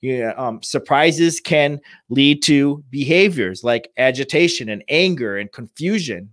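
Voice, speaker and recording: A man who works in home care, giving informal advice to families and talking in halting bursts full of restarts and fillers. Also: mid-range voice, lively intonation, fairly bright tone, no room sound, studio quality. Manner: halting, many restarts and "you know" fillers.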